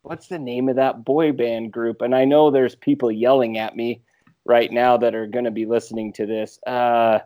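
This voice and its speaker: A man co-hosting a podcast in relaxed, casual chat. He rambles and hesitates, often pausing on "uh" while he thinks. His voice has an average pitch. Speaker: podcast co-host.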